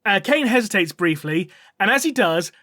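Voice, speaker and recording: A podcast co-host with a high, animated voice and sharp tone casually retells a story at normal speed, swearing playfully and acting out characters through quoted dialogue. The studio-quality recording has no echo.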